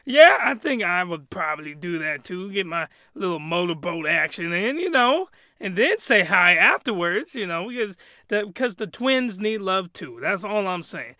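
A man's voice: sits high, very animated, moderate pace, sharp tone, dry recording, studio quality. A man giving a crude, rambling and exasperated comedic recap of an anime. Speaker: anime reviewer.

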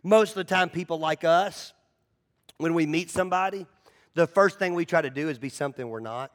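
A male pastor preaching in a loose, story-driven way, his voice sitting high for a man. He is animated and chatty, stumbling over and repeating words as he builds his point. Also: fairly quick. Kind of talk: conversational sermon.

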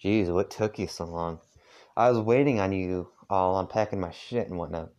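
A man's voice: deep voice, normal speed, darkish tone, highs cut off, close to an everyday voice. A man voicing an aloof, sarcastic young man in a heavy put-on southern drawl. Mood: dismissive.

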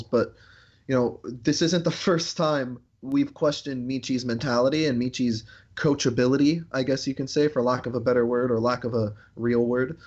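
A man's voice: medium pitch, darkish tone. A man co-hosting a sports podcast, talking casually with lots of restarts and fillers. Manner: rambling, many restarts and fillers. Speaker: podcast co-host. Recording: slightly dull lo-fi sound.

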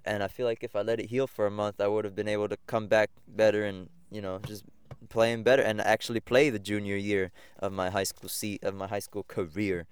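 Fairly quick and lowish, the young American man's voice shows little pitch movement, and there's a slight hiss or hum. As a podcast host, he shares rambling, reflective personal stories peppered with fillers and restarts.

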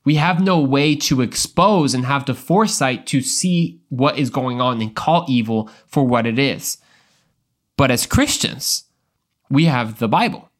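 A man's voice: mid-range voice, measured pace. A young adult man hosting a Christian devotional podcast, talking in an earnest, emphatic way with frequent restarts and repeated words. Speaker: podcast host.

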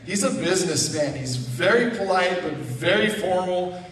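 A man speaking as a guest in a church, telling a funny mission-trip story in an animated way and often laughing as he talks. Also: high-pitched, moderate pace. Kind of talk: storytelling testimony. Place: church sanctuary. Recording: echoey church hall from a distance.

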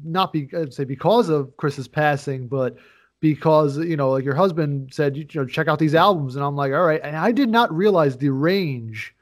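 A man co-hosts a casual chat podcast, his voice somewhat high for a man. He rambles and circles back, stacking fillers and throwing in jokes. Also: normal speed. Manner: rambling, full of fillers and restarts, jokey. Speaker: podcast co-host.

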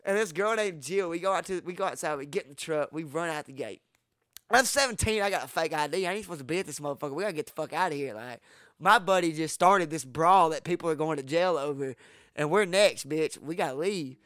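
Man, casual podcast storyteller, profane, animated, somewhat high voice, crisp, dry close mic. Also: fast, no echo. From Texas. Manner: animated, profane, acts out quoted lines with sudden loud jumps. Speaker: podcast host.

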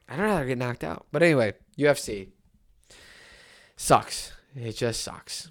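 A man in his twenties giving a casual sports rant, animated and exasperated, with frequent restarts. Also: mid-range voice, moderate pace. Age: 20s. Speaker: sports commentator.

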